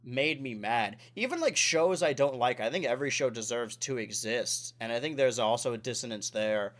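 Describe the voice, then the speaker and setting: A man's voice: medium pitch, lively intonation, moderate pace. Rambling man hosting a casual podcast. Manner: rambling, self-correcting, lots of "like". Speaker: podcast host.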